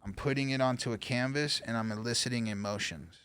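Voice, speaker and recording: Smooth-voiced earnest man rambling. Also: medium pitch, a bit bright. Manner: earnest, rambling, halting restarts. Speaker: guest artist. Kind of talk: casual interview talk.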